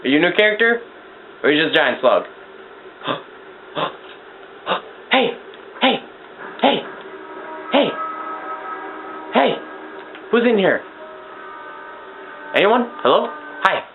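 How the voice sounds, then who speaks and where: Excitable young man swearing at a video game. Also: sits high, slow, long pauses, over music. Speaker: gameplay commentator. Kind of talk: casual let's-play commentary. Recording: tinny lo-fi mic with noise.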